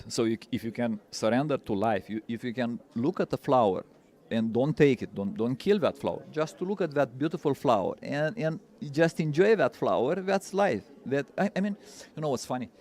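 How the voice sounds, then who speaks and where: A man's voice: mid-range voice, expressive, normal speed, a little mellow. Earnest man teaching. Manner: earnest, repeats words, non-native phrasing. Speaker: spiritual teacher. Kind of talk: interview answers.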